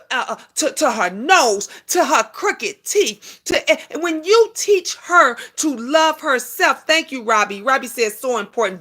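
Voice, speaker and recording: Woman live-stream host, high bright voice, preachy and emphatic, thanks chatters by name. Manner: preachy, addresses viewers and chat by name; emphatic repetitions, calls listeners honey. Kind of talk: casual live-stream talk.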